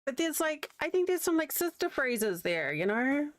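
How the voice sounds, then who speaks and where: A woman's voice: sits high, sing-song, moderate pace, dry recording, studio quality. A young woman with a New Zealand accent, chatting casually with her livestream audience while she crochets, rambling and answering chat as she goes. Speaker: streamer.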